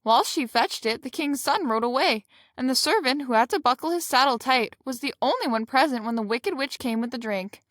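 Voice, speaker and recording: A woman reading a fairy tale aloud in a steady, plain storybook way. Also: high-pitched, fairly quick, hardly any pauses, no room sound, studio quality.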